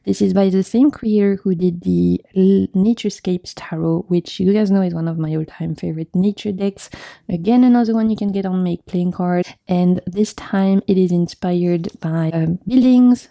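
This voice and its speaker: Young woman with a gravelly, dark voice, chatty and gushing over her deck collection. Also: lowish voice, normal speed, no echo. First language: French. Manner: enthusiastic, gushing, frequent laughs and fillers. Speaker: tarot vlogger. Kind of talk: casual chat showing tarot decks.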